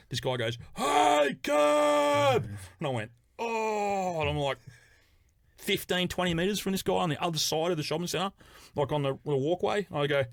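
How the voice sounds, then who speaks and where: A man telling stories on a podcast, animated, laughing often and swearing freely. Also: a little high, dry recording. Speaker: podcast guest. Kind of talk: casual podcast storytelling.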